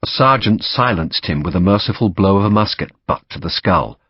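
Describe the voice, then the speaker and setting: A man reading a novel aloud as audiobook narration, steady and dramatic. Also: low-pitched, fairly quick, slightly rough, dry recording, dull audio.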